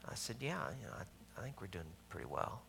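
A man with a Southern US accent preaching a sermon, telling stories with loud emphasis and hushed asides. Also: low voice, sing-song, brisk, creaky, background noise. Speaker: pastor.

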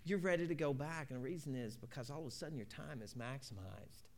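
A man's voice: medium pitch, fast, a little mellow. A man preaching a conversational sermon, telling stories in a folksy way and acting out both sides of a conversation. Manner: folksy, repeats "you know".

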